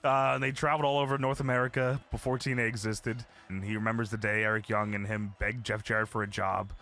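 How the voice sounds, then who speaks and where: A man's voice: on the low side, level tone, fast talker, bright, forceful tone. A man co-hosting a casual wrestling recap podcast, swearing, laughing and mocking old promos. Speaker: podcast co-host.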